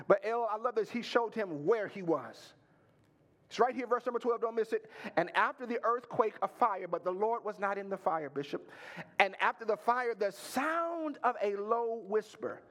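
A male pastor preaching a sermon, swinging between fervent rising passages and low, intimate stretches. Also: a bit bright.

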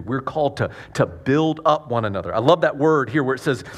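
A man preaching a sermon in a conversational way, often repeating his words as he goes. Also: mid-range voice. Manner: conversational, repeats words, acts out quick quoted voices. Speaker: pastor.

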